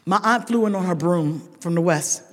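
Over a noisy background and a hall's long reverb, a middle-aged woman tells a dramatic story at a recovery meeting in a lowish voice at moderate pace. Chatty, she addresses the crowd directly, swinging between loud bursts and quiet asides.

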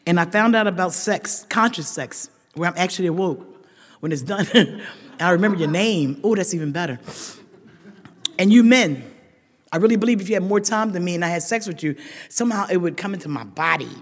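A woman's voice: fairly low pitch, brisk. Frank, funny woman in an echoing hall. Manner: frank, humorous storytelling, lively voicing of quoted people. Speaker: speaker sharing at a recovery meeting. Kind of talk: personal recovery testimony. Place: large meeting hall. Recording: reverberant hall with long echo.

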